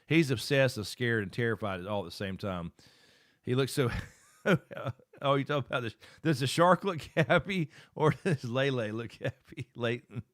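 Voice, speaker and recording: A man's voice: mid-range voice, animated, moderate pace, fairly bright tone, no room sound, studio quality. A middle-aged man hosting a live stream. He chats casually and rambles, thinking aloud while he works his screen.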